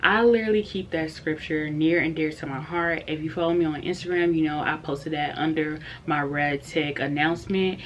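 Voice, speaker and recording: A young woman talks straight to her viewers in a casual storytime vlog, candid and heartfelt, with lots of fillers as she goes. Her voice sits a little low. A faint hum runs behind her. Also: fairly even intonation, normal speed, few pauses. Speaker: vlogger.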